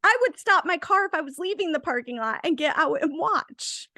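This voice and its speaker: A woman's voice: very high voice, animated, moderate pace, sharp tone, no room sound. A woman co-hosting a casual movie review chat, making wry, jokey asides. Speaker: co-host of a movie review show.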